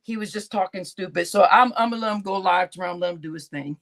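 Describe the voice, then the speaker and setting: A woman's voice: mid-range voice, quick pace. A woman hosting a casual livestream, chatting with her audience, laughing often and swearing as she reads comments. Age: adult, grown-up. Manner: animated, laughing, swearing, addresses chat as y'all. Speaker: livestream host.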